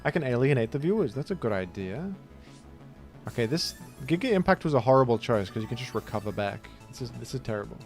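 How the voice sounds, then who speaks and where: A man's voice: medium pitch, very animated, brisk. A man streaming a video game, chatting casually and telling rambling, self-mocking stories between moves. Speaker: gaming streamer. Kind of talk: casual commentary while playing. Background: faint background music.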